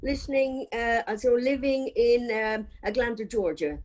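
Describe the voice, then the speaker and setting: An older woman performing improv comedy, talking in a halting way full of fillers. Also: a little high, darkish tone.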